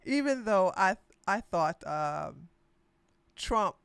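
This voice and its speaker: A woman hosting a political livestream, rambling and chatty as she talks to her viewers. Her voice sits a little high and sounds bright and forceful. It is recorded dry and close. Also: expressive, measured pace, dry recording. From Georgia, USA. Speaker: podcast host. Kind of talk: casual political chat livestream.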